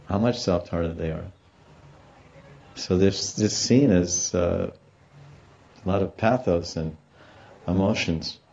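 Mellow-voiced man giving a storytelling lecture. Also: sits low, gravelly, dull audio. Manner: storytelling, explaining Sanskrit terms, acts out quotes. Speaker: religious teacher. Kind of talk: devotional scripture lecture.

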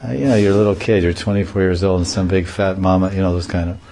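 A man's voice: low voice, steady tone, fast, dark tone, slight background noise. A man giving a devotional talk, telling humorous anecdotes and often chuckling. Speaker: devotional preacher. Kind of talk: lecture with acted anecdotes.

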